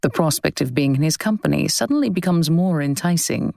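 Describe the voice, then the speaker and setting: A woman voicing a teasing young gentleman. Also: low-pitched, expressive, a little fast, creaky, no room sound. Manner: dry, mock-formal banter.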